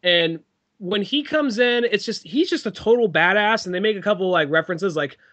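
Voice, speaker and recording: A man co-hosting a movie podcast, chatting excitedly and stumbling while he searches for names. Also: sits high, moderate pace. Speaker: podcast co-host. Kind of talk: casual movie review chat.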